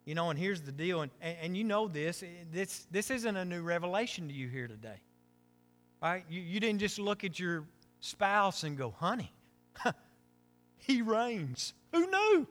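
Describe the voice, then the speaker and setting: A man's voice: high voice, animated, moderate pace, fairly bright tone, soft background music. A middle-aged male pastor preaching a conversational sermon with self-deprecating humor and frequent asides.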